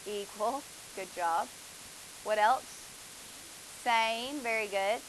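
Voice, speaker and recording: A woman's voice: on the high side, slow, a little hiss or hum, poor audio. A woman, teaching a math class, asking students questions and praising their answers.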